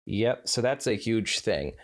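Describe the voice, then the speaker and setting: A man co-hosting a podcast, reading fan fiction aloud with relaxed chatty asides. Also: on the low side, a little slow. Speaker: podcast co-host. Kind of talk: casual chat and read-aloud.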